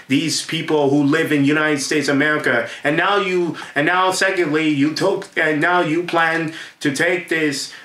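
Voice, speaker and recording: A man hosting a rambling commentary to camera, excited and repetitive, laughing often and stumbling over names. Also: a little high. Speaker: host. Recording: echoey room.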